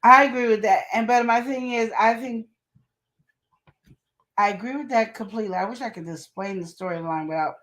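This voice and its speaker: A woman's voice: a little high, fairly quick, a bit bright. A woman co-hosting a live relationship advice stream, talking in a casual, emphatic way with slang and repeated questions. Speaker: co-host of a live advice show.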